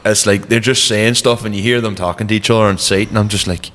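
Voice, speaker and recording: Fast-talking Northern Irish man, reverberant room. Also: lowish voice, fairly even intonation, a bit bright. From Northern Ireland. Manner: fast-talking, chatty, laughs often. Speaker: podcast host. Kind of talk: casual chat.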